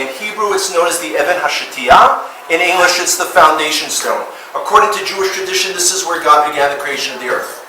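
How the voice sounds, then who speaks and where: A man from New York City with a New York accent, a tour guide telling history in a jokey, lively way to a group. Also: a little high. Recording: echoey and far from the mic, with noise.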